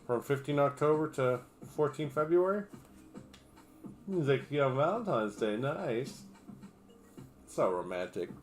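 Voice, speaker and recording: A man's voice: medium pitch, animated, a little slow, long pauses, faint music behind. A man on a livestream reading an article aloud, stumbling over names and breaking off for crude, sarcastic remarks. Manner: reads steadily, breaks off for crude, sarcastic asides.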